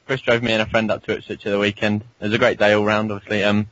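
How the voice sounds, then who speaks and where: A man's voice: lowish voice, level tone, very fast, a bit bright, dry recording. A man chatting casually as a returning co-host on a radio show, laid-back. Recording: dry dull radio studio sound.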